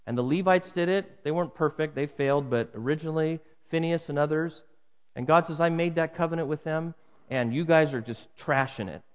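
A man preaching a sermon earnestly, swinging his pitch and loudness for emphasis. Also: a little fast. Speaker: pastor. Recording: muffled with long hall reverb.

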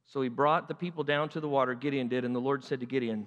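A man's voice: medium pitch, steady tone, fast, hardly any pauses, a bit bright. A man preaching a sermon, acting out the story animatedly in different voices. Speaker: pastor. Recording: long hall reverb.

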